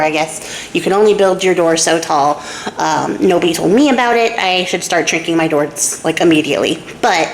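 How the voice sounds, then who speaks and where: A woman's voice: medium pitch, slight background noise. A young woman casually retelling a fairy tale at home, irreverent and chatty, swearing and acting out the characters' lines. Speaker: storyteller and craft channel host. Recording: echoey room.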